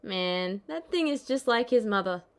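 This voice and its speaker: A woman's voice: mid-range voice, lively intonation, normal speed, clear, resonant tone, lightly acted. A woman reading the lines of a cheerful, joking young male swordsman in a breezy, teasing way for a fan-fiction audiobook.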